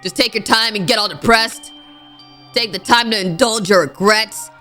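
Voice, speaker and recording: Woman putting on a brash young biker dude, slow swaggering drawl, bright tone, light music. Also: mid-range voice, close to an everyday voice. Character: tough brash biker guy, young man.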